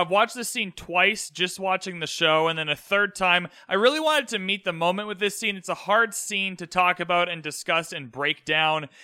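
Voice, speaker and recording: Young male solo podcast host, animated and earnest. Voice is high and very bright, with dry, close sound. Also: clear, resonant tone, no echo. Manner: animated, earnest, retells scenes with quoted voices. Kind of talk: solo episode recap podcast. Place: room, alone.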